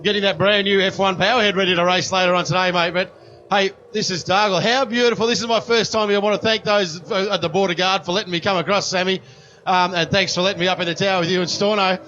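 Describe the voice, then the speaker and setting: A man's voice: high voice, fairly even intonation, fast, pushed and bright, lo-fi sound, slight background noise. An Australian man giving enthusiastic, slangy live powerboat race commentary, often saying "mate". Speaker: guest commentator.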